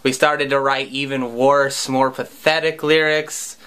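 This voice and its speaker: A man's voice: mid-range voice, steady tone, unhurried, sharp tone, smooth. A man around thirty, a musician, telling a comic personal story in a wry, profane, self-mocking way. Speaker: musician and vlogger.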